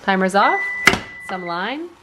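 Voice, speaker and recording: A woman's voice: medium pitch, big pitch swings, slow, very noisy. A young woman vlogging at home on a handheld camera, chatting casually with lots of fillers and self-deprecating asides. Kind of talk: casual chat. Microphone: handheld vlog camera.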